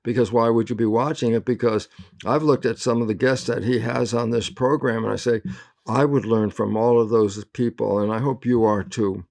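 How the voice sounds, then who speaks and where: An older man talks as a guest in an interview, in an earnest, emphatic way. His voice sits at an ordinary middle pitch for a man. He often breaks into short quoted exchanges, voicing both sides. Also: fairly even intonation, moderate pace, gravelly, darkish tone. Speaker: guest biologist. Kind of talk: animated interview talk.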